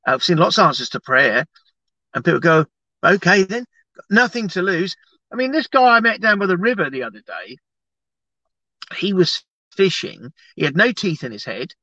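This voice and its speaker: Lively man preaching on a livestream. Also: sits high, normal speed, pauses often, no room sound, dull audio. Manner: animated, chatty, rambling with restarts. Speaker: evangelist. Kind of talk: livestream teaching and prayer.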